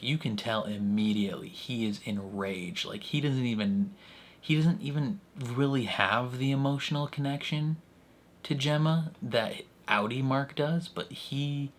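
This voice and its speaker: Chatty man with a lowish voice. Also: a bit bright. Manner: chatty, rambling, frequent filler words and laughter. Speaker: reaction channel host. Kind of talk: casual reaction commentary.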